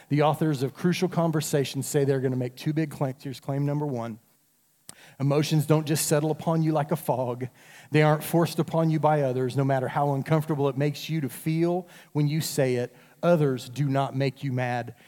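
A man's voice: mid-range voice, mellow. Man preaching in a big reverberant hall. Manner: conversational preaching, addresses the congregation directly. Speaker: pastor. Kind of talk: sermon.

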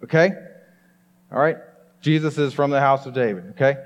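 A man preaching a sermon to a congregation, animated and emphatic. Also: medium pitch, normal speed, long reverb tail, dull audio. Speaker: pastor. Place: church hall with congregation.

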